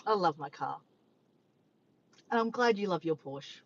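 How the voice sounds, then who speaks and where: A woman's voice: fairly low pitch, lively intonation, measured pace, muffled recording. A woman chatting casually on a live stream from her car by the beach, reading viewer comments, laughing and teasing playfully.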